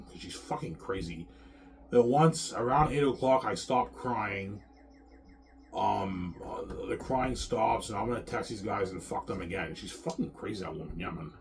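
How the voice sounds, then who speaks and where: A man in his thirties vents in a rambling vlog, his voice sitting very low. He sounds angry and profane, circles back over the same points, and restarts sentences. A faint hiss of noise sits under him. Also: normal speed. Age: 30s. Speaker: vlogger. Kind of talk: rambling personal rant to camera.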